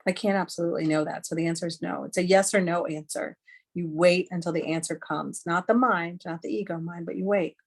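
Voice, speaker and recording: A woman's voice: lowish voice, fairly even intonation, brisk, vocal fry. A middle-aged woman giving a candid, chatty teaching talk on a video call, earnest and full of fillers. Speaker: webinar speaker.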